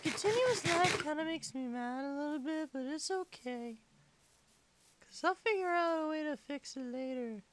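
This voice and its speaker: A performer voicing a squeaky little kid gamer who chatters and complains while playing. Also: expressive, moderate pace, a little hiss or hum. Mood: excitable. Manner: chatty, complains to itself, mumbles while sorting items. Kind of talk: game playthrough commentary in character.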